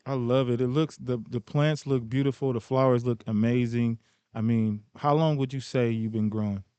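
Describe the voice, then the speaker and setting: A man's voice: mid-range voice, steady tone, moderate pace, mellow, clean tone, dry recording, lo-fi sound. A man hosting a podcast, talking in a hyped, slangy, friendly way. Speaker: podcast host. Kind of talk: casual podcast chat.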